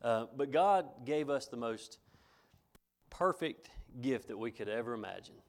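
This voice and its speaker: A middle-aged man preaches to his church in a folksy, homespun way. He circles back over his phrases and chuckles between points. His voice sits at a medium pitch. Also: animated, unhurried. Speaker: pastor. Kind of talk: sermon.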